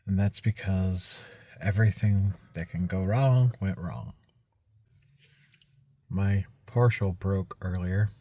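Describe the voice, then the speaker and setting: A man's voice: deep voice, fairly even intonation, slow, long pauses, mellow. A man talking casually to camera in a rambling vlog, recounting a frustrating week with many restarts and asides. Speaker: vlogger.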